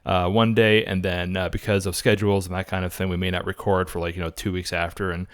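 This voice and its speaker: A man's voice: deep voice, level tone, quick pace. A man hosting a casual film podcast, playful and rambling with many filler sounds. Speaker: podcast host.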